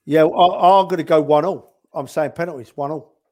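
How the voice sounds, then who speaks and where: A man's voice: on the high side, normal speed, dark tone. A man, a regular on a fan podcast, rambling and teasing his co-host with slang. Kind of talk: casual banter.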